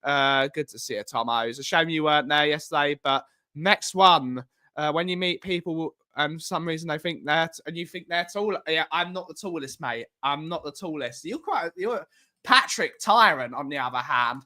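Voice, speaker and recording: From home, a man from England hosts a casual livestream, reading viewer comments and greeting chat in a chatty, rambling way that keeps repeating phrases. His voice sits on the high side, bright and forceful, at a normal speed.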